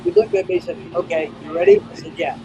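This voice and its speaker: A man who is a reading expert, speaking as a guest in a casual interview, telling an animated story that he acts out, often repeating his words. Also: quick pace, background noise. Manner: animated, repeats words, acts out quoted exchanges with high-pitched bursts.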